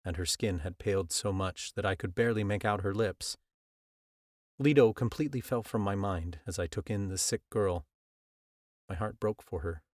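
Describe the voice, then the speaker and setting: A man with a low voice reads a first-person audiobook in a measured, earnest way. The recording is close and very dry, with no room sound at all. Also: a little mellow, no room sound. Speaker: audiobook narrator. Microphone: close studio mic.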